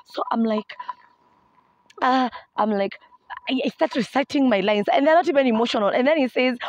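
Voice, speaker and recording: A young woman with a Kenyan accent telling a humorous personal story to her viewers in an animated way. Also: a little high, fairly quick, no room sound. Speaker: vlogger. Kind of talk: storytime vlog.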